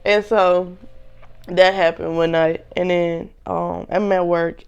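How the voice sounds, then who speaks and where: Young woman, gravelly voice, casual storytelling, candid, slangy, talks to viewers. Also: on the low side, level tone, slow pace, dull audio. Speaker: vlogger telling a personal story.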